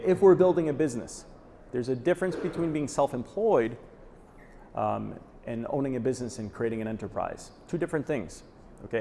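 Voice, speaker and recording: A man's voice: medium pitch, darkish tone. A man giving a live conference talk, punchy and direct, often checking in with "okay?" after a point. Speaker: conference presenter. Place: conference hall. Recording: reverberant hall, faint noise.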